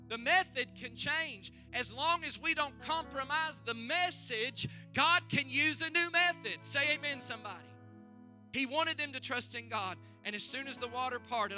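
A man preaching a sermon as pastor, building to loud, fervent calls and asking the congregation to answer back. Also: very high voice. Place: church service.

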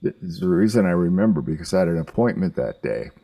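An older man telling a story in casual chat, halting and rambling, with some swearing. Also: low voice, very animated, vocal fry, mellow, no room sound.

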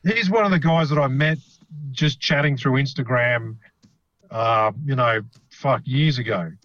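A man's voice: medium pitch, a little slow, a bit bright, dry recording, lo-fi sound. Rambling Australian man, casual chat. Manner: rambling, frequent fillers and swearing.

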